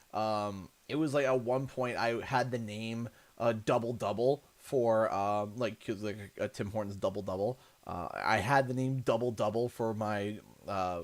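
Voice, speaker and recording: A man's voice: on the low side, moderate pace. A man in his thirties, a livestreamer telling a long story in a rambling, chatty way during a casual stream. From Canada.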